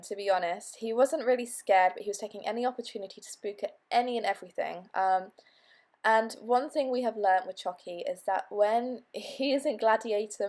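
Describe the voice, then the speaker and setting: Hoarse, chatty young woman. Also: medium pitch, a little mellow. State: hoarse after illness. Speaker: vlogger. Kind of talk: casual vlog chat.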